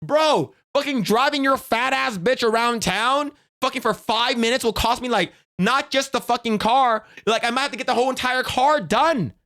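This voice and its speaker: A man voicing an outraged male rideshare driver who rants in a profane, high-pitched and indignant way. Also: moderate pace, hardly any pauses, pushed and bright, heavily acted.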